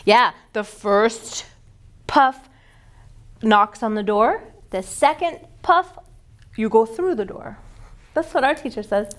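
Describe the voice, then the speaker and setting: A woman's voice: fairly high pitch, slow pace, pauses often. A woman teaching a yoga teacher training class, giving playful, upbeat posture cues and explanations.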